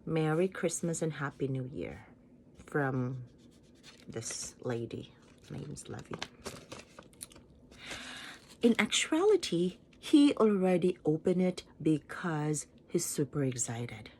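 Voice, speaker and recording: Slow-talking Filipino woman, low and lively. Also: slight background noise. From Philippines. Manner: chatty, giggly, playful exclamations. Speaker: vlogger. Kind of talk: casual chat while unboxing gifts. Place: home in Japan.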